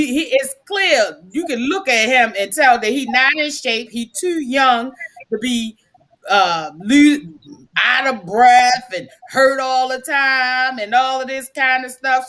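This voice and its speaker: Female sports panelist, bright, high voice, blunt opinions. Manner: frank, opinionated. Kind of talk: casual sports talk.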